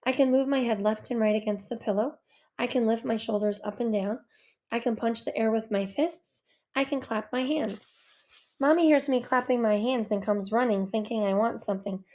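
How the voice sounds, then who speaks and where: A woman reads a children's story aloud in a gentle first-person voice. Her tone is a little high but soft and mellow. She gives the characters light, distinct voices as she goes. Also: moderate pace. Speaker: audiobook narrator. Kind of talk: first-person audiobook reading.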